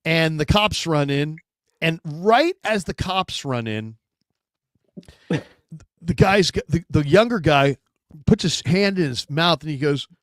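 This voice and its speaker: A man hosting a sports talk show in casual chat, telling stories with lively acted-out quotes. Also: a little high, slow, long pauses, no echo, clean studio sound. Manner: animated storyteller, acts out quotes.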